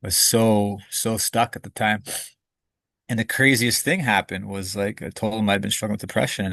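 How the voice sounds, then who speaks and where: A man's voice: fairly low pitch, steady tone, moderate pace, gravelly, a bit bright, no echo. A man, a podcast guest, candidly telling a personal story with emotion and casual swearing.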